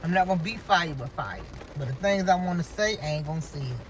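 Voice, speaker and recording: A man's voice: fairly high pitch, animated, fast, slight background noise, low-quality recording. A man in his fifties telling a story to viewers in an emphatic, repetitive, casual way. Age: 50s. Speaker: vlogger.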